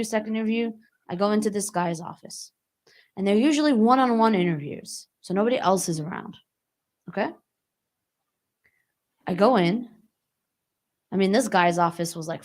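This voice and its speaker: A young woman tells a personal story to a room of listeners. She speaks conversationally and keeps turning to the audience with quick questions to bring them along. Her voice sits in an ordinary middle pitch. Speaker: guest speaker. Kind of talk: storytelling talk to a live audience. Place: community hall.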